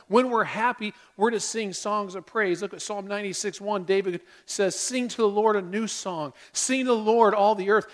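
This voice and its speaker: A man's voice: sits high, a bit bright. A man preaching a conversational sermon to his congregation as pastor, often acting out the inner voices of his listeners.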